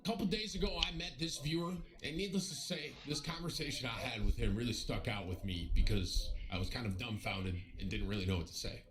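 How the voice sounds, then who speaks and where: A young man streaming, casually telling a story to his viewers in an animated, joking way, often restarting and talking to the chat. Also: medium pitch, a little fast, hardly any pauses, faint music behind, low-quality recording. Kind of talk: casual storytelling to a live audience.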